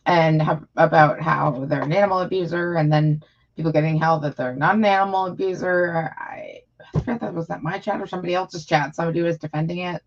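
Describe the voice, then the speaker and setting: Woman, live streamer, casual rambling chat, frustrated, gravelly, dull lo-fi audio. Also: low-pitched, fairly even intonation, brisk. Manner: frustrated, rambling with many fillers.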